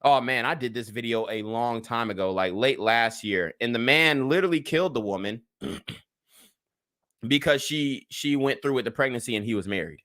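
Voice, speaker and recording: Bright-voiced man giving blunt commentary. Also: medium pitch, normal speed. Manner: blunt, profane, lectures the viewers and asks them to vote in a poll. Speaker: commentary channel host. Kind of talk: reaction commentary on a played clip.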